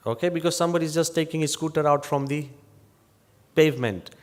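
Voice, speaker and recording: An older man from England, a monk giving a motivational talk, telling humorous stories with wry, lively delivery. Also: a little high, fast. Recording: long reverb of a large hall.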